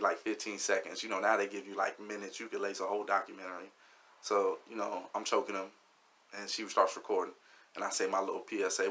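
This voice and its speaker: A man, a comedian, telling a real-life story in a casual, slangy way and acting out the quotes. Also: lowish voice. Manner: animated, acts out quotes, slangy.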